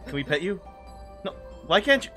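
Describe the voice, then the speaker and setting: A playful man trading teasing remarks with friends on a gaming stream. His voice sits slightly high and bounces around a lot. Game music runs behind him. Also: big pitch swings, brisk, bright, forceful tone. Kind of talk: casual gaming stream chat.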